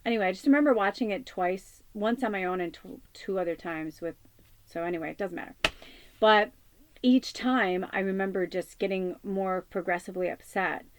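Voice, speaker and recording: Speaking at a normal pace in a mid-range voice, this forties-aged spiritual medium hosts a talk show on her channel, with faint hiss or hum behind her. Her casual spiritual chat is sincere but meandering, packed with fillers and restarted sentences.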